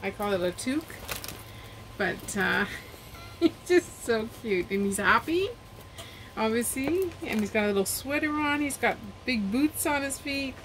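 A woman's voice: fairly high pitch, lively intonation, measured pace, a bit bright, slight background noise, low-quality recording. A woman chatting casually at home as she unboxes and reviews craft kits, rambling and trailing off mid-sentence.

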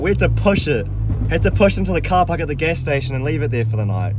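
A man's voice: on the high side, fast talker, very noisy. A young man vlogging in a casual way, ranting and swearing nonstop about a botched job on his car. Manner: swears constantly, exasperated ranting. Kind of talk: casual vlog talk.

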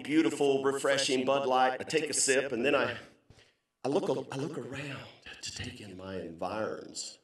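A middle-aged man giving a comedic keynote speech, telling stories in a punchy, joking way with sudden loud outbursts. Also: medium pitch. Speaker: keynote speaker. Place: large banquet hall. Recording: very echoey hall, voice from a distance.

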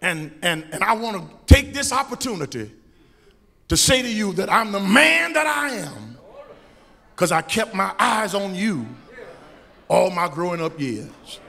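A middle-aged man, preaching a sermon as pastor, with shouted, sing-song rises. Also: sits high, big pitch swings, a little slow, creaky. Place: church sanctuary. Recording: echoey church with long reverb.

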